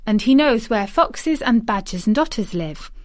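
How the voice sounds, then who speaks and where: A woman voicing a stubborn, outspoken young girl in a storybook reading, pitching her voice up to sound insistent. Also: expressive, normal speed, no echo, studio quality, close to an everyday voice.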